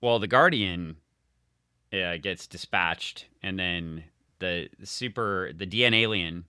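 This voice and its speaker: A man co-hosting a casual comic book podcast, animated and dryly sarcastic. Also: deep voice, slow, smooth, no room sound, studio quality. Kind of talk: casual chat.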